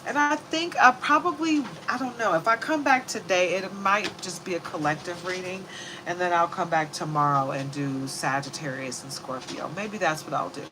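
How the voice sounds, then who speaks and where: A woman talking loosely through a zodiac reading. Her voice sits on the low side and she rambles and laughs easily. Steady background noise hums behind her. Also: normal speed. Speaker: tarot reader.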